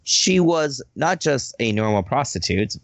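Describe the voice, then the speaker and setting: A man in easygoing conversation about his role-playing characters, mid-pitched and often laughing as he trails off. The sound is dry and close, with no room around it. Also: big pitch swings, a little slow, a bit bright, dry recording. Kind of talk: casual chat about tabletop games.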